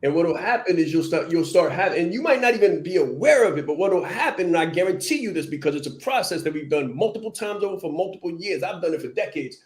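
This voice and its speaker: A man with a fairly high voice coaches listeners on a motivational podcast. He talks with animation and repeats his key lines for emphasis. The room around him rings with echo. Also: expressive, fast, few pauses. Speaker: podcast host and brand coach.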